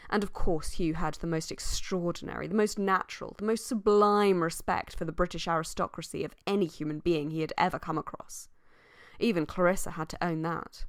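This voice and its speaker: A woman reading a novel aloud as an audiobook, with expressive rises in pitch for emphasis. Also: dry recording, studio quality. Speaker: audiobook reader. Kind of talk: scripted audiobook narration.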